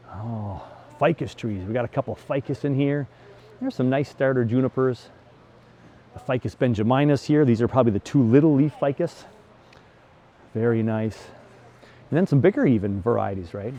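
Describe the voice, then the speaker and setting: The host of a bonsai vlog, a middle-aged man, chats enthusiastically and exclaims as he films his walk through an indoor nursery greenhouse. He has a warm, mid-range voice, and the audio carries a little hiss or hum.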